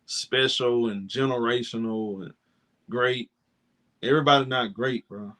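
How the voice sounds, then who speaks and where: A young man co-hosts a live sports reaction stream, debating players in emphatic, slangy casual talk and mocking critics with put-on voices. His mid-range voice is bright and forceful at a measured pace.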